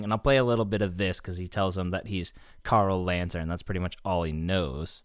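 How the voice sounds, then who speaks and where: A man's voice: deep voice, fairly even intonation, fairly quick, hardly any pauses, dry recording. Laid-back man recapping with a dry sound. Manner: laid-back, swears, laughs often, acts out lines. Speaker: podcast host. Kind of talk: casual chat recapping an episode.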